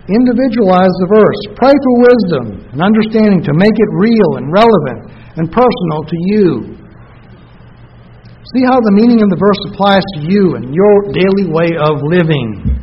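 A man preaching a sermon in a measured way, often calling his listeners brethren and repeating each key phrase. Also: high-pitched, lo-fi sound, a little hiss or hum.

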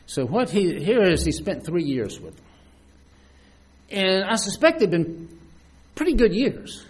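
A man preaching a sermon in a lively, conversational way, with frequent restarts and asides. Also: sits high, a little slow, breathy edge.

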